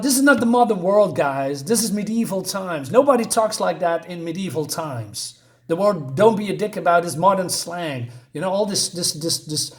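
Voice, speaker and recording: A man's voice: a little high, lively intonation, moderate pace. Exasperated, profane man ranting a review. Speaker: comic book reviewer, channel host.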